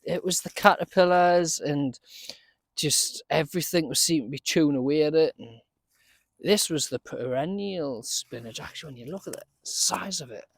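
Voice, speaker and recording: A man's voice: a little high, normal speed. A man giving a casual, chatty running commentary while he works on his allotment garden outdoors, often laughing and talking to himself.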